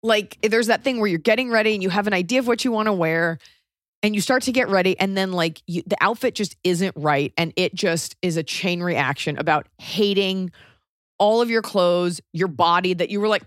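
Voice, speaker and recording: A woman in her thirties chats on a podcast, blunt and wry, slipping into little acted-out voices when she quotes people. Her voice sits a bit low, and the sound is dry and close. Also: moderate pace, dry recording. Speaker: podcast co-host. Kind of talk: casual chat.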